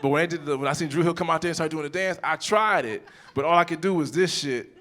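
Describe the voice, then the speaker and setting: A man doing stand-up comedy on stage, telling a long personal story with quick asides and acting out both sides of an argument. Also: a little high, noisy background. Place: stage before a live audience. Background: audience laughter.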